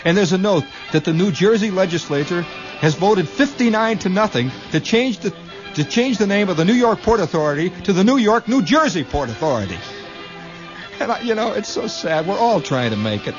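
A man's voice: sits high, very animated, fairly quick, music in the background. A man hosting a radio show, telling a rambling comic story in a wry, storytelling manner with mock-military asides, on a lo-fi old broadcast recording. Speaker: radio host.

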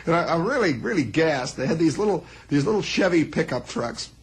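Animated, rambling male storyteller. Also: fairly high pitch, brisk, slightly rough, low-quality recording. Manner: animated, rambling, acts out sounds and voices. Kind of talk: spoken storytelling monologue.

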